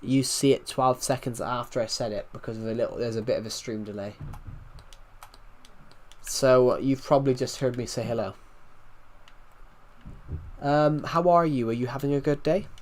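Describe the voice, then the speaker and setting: A man's voice: mid-range voice, normal speed, long pauses, darkish tone. A man livestreaming a video game, rambling casually to his chat as he plays and repeating words to himself. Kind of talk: casual live gaming stream chat.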